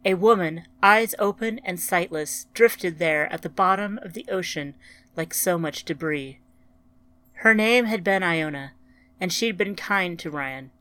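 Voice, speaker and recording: Slow somber woman narrator. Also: on the low side, sharp tone. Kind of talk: storytelling narration.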